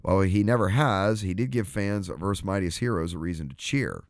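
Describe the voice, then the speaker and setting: A man's voice: low-pitched, a little fast, no room sound, studio quality. Man stumbling through a news read. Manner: stumbling over words, joking. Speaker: podcast co-host. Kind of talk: casual chat, reading news aloud. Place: indoor room by a fireplace.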